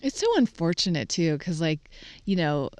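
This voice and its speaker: Woman podcast co-host, smooth clear voice, dry close mic, reflective and sympathetic. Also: low voice, very animated, normal speed, darkish tone, no room sound. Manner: empathetic, reflective, frequent backchannel. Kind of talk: casual interview chat.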